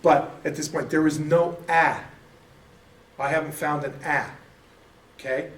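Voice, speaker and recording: A man's voice: on the high side, steady tone, unhurried. A man teaching a casual church class, chatty and self-deprecating, often laughing at himself. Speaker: Bible study teacher. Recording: echoey room, mic at a distance.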